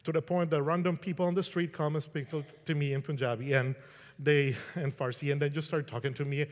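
A man's voice: a little high, fairly even intonation, brisk. A middle-aged man from Colombia, giving a casual, conversational sermon and acting out quotes. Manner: conversational, restarts, acts out quotes. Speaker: preacher. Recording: long hall reverb.

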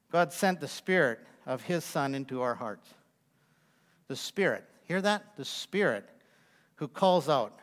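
A preacher in his sixties spins folksy stories in a chatty sermon, now and then addressing the congregation directly. His voice is on the high side and a bit bright, recorded with the long reverb of a large hall.

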